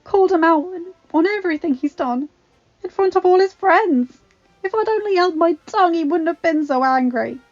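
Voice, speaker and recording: A woman putting on a frightened young heroine in a storybook reading, voice lifted high above her own and pushed loud, tearful and pleading with a shaky breath. The recording is slightly dull, with faint music underneath. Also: moderate pace, creaky. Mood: distraught.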